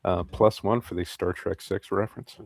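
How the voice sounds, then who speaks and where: A man's voice: sits low, fairly even intonation, moderate pace, gravelly, no echo. A man co-hosting a casual chat, opinionated and blunt, with some cursing.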